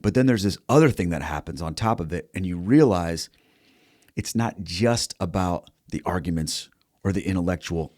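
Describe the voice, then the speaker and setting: A man's voice: deep voice, animated, moderate pace, darkish tone, no echo, studio quality. A man hosting a faith interview, reflective and conversational, building on his guest's story. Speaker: podcast host.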